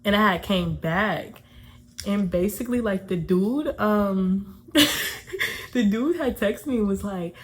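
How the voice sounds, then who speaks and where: A young woman from Atlanta hosts a laid-back storytime video. She talks in an easygoing, chatty way at a middle pitch. Nervous little laughs keep slipping between her sentences. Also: measured pace. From Atlanta, USA. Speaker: YouTuber. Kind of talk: casual storytime vlog.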